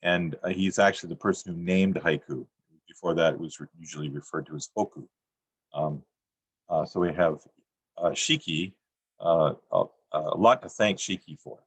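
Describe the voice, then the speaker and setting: A middle-aged man reads his poems over a video call in a dry, deadpan way and makes jokes at his own expense. His voice sits low and carries a slight husk. The sound is close and dry, with no room around it. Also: normal speed, breathy edge, no room sound. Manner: dry, deadpan delivery with self-mocking jokes. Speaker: featured poet. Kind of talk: poetry reading on a video call. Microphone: computer mic on a video call.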